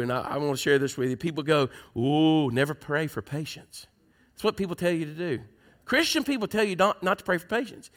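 A middle-aged male pastor preaches with a fairly high, bright voice. He throws questions out to the congregation and moves from loud, urgent lines to quiet ones. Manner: preaching with call-and-response questions, swings between loud and soft. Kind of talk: sermon.

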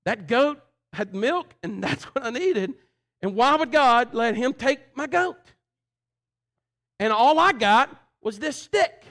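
A despairing missionary, as a preacher puts him on, his voice pitched far above the man's own. The words stretch out slowly and strain near a whine. The complaining goes on and on. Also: expressive, a bit bright, full character voice. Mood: distraught. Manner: high, strained, drawn-out complaining. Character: distraught missionary man pleading over his lost goat.

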